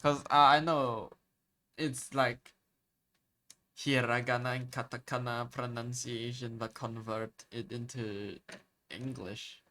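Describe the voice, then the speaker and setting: A man chatting casually on a live art stream, speaking at a middle pitch. He keeps stammering and restarting while hunting for the right word. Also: little pitch movement, slow pace, sharp tone. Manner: hesitant, stammering, searching for words.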